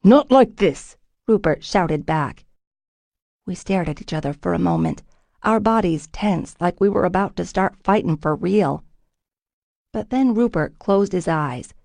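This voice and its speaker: A woman reading first-person audiobook narration in a steady, expressive way from a close studio mic. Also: on the low side, measured pace, creaky, no echo.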